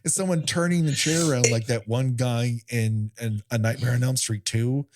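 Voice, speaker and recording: A man's voice: medium pitch, fairly even intonation, moderate pace, noisy background. A man cohosting a podcast, making wry jokes and laughing often. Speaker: podcast co-host. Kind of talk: casual podcast chat.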